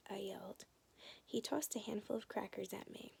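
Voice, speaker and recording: A woman reading a children's novel aloud in a soft, often half-whispered way. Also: medium pitch, normal speed, gravelly, husky. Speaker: reader.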